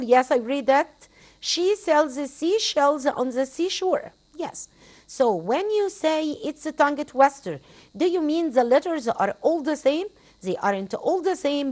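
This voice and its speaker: A high-pitched woman with an Egyptian accent leads an English class. A native Arabic speaker, she repeats key phrases for her students and switches to Arabic to clarify them. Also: lively intonation, unhurried. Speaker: English teacher. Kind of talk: classroom lesson explanation.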